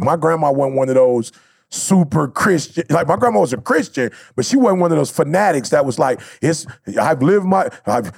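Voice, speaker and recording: A man's voice: on the high side, vocal fry, darkish tone, no echo, studio quality. A man co-hosting a podcast, talking in a casual, heartfelt way. He is emphatic and slangy and repeats his points. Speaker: podcast co-host.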